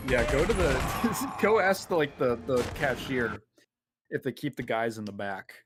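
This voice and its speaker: A man joining a game stream as a guest. His voice is medium in pitch and easygoing. He chats in a relaxed way, chuckles often, and reads messages from chat aloud. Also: unhurried, background noise. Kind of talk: casual chat.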